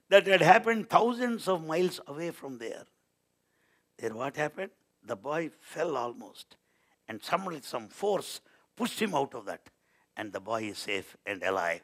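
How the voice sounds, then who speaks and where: A man tells devotional stories in a slow, unhurried delivery. His fairly high voice has a gravelly edge. He swings between loud declarations and quiet asides. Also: expressive. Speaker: spiritual speaker. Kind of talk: devotional storytelling talk.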